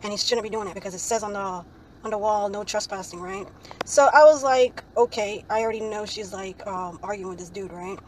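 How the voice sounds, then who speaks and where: At medium pitch and a brisk pace, a young woman rambles through a story for a casual vlog, full of "like, um" fillers and phrases capped with "right?" tag questions. The recording is rough, with slight background noise.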